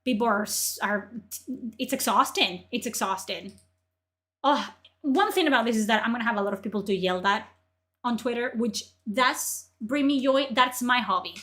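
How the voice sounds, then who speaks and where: High-voiced woman ranting, voice strained. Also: moderate pace, a bit bright. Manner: profane, exasperated ranting. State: strained voice from yelling. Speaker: streamer. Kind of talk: ranting livestream commentary.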